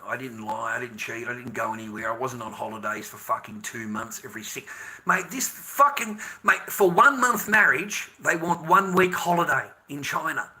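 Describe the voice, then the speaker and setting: A man in his fifties with an Australian accent rants on a livestream, swearing freely as he lectures other men. His voice sits a touch high for a man and has a hard, cutting edge. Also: pushed and bright. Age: 50s. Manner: heated, profane, lecturing the men in his audience. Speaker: livestreamer addressing viewers. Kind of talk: ranting livestream monologue.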